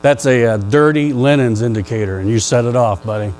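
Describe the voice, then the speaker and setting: A male pastor preaching a sermon in a church, conversational and playful with the congregation, rising to loud emphatic questions. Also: mid-range voice, fairly quick, faint music behind, poor audio. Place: church sanctuary.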